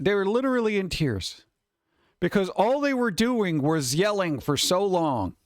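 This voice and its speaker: A man's voice: high-pitched, animated, normal speed, dry recording, clean studio sound. A man streaming live, chatting casually and rambling while answering his viewers. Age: adult.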